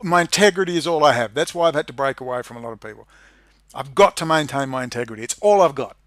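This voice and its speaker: A man's voice: medium pitch, animated, fast, a bit bright, dry recording, studio quality. An Australian man delivering an emphatic, profane rant as a video commentator. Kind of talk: ranting monologue.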